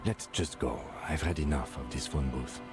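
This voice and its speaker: An actor playing a stern, composed police lieutenant in a game, dry and disapproving. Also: male voice, extremely low pitch, moderate pace, darkish tone, soft background music.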